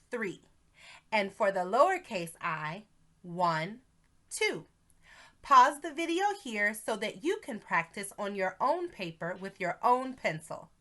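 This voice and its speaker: A woman's voice: fairly high pitch, sharp tone. Sing-song preschool teacher woman. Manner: slow, sing-song, encouraging teacher talk with exaggerated emphasis. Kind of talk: teaching a video lesson to young children.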